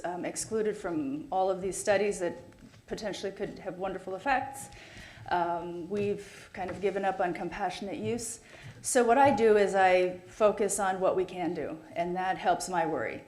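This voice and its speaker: A woman's voice: fairly low pitch, a little mellow. Reflective woman in an echoey room. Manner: hesitant, reflective, many fillers. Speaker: carepartner panelist. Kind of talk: panel talk.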